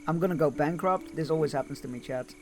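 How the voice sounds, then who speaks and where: A man's voice: fairly high pitch, fast talker, music in the background. A man streaming a strategy game live, reading the card text aloud and joking with chat, swearing now and then.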